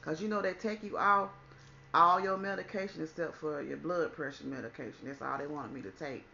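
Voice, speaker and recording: A woman telling a personal story in a casual storytime chat, chatty and animated, calling the listener "honey" and acting out what people said. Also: sits low, fairly quick, creaky, dull audio, a little hiss or hum. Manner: chatty, says "honey" a lot, acts out quotes. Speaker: vlogger.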